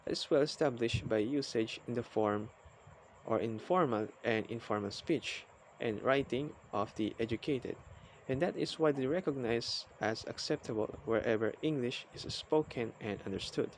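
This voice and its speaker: A man giving a recorded class lecture, reading definitions aloud in a halting, repetitive way. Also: medium pitch, a little hiss or hum. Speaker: student presenter.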